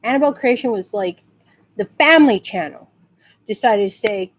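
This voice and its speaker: A woman from San Antonio, Texas, chatting casually in a rambling way and acting out quotes in high squeals. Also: animated, moderate pace. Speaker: vlogger. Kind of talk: casual storytelling rant.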